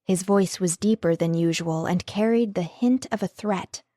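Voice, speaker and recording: A woman's voice: on the low side, normal speed, dark tone, dry recording, clean studio sound. A woman reading a first-person novel as an audiobook narrator, with an emotive reading style.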